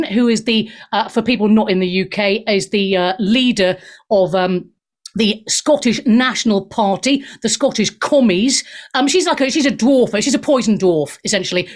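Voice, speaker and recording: A woman hosting a talk show, delivering a sarcastic, mocking and indignant monologue. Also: mid-range voice. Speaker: show host.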